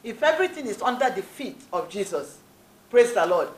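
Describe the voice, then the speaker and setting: A woman's voice: medium pitch, big pitch swings, normal speed, slight background noise. A woman preacher giving a sermon with scripture reading, emphatic, repeating key phrases and often saying "praise the Lord". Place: church hall. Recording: echoey church hall.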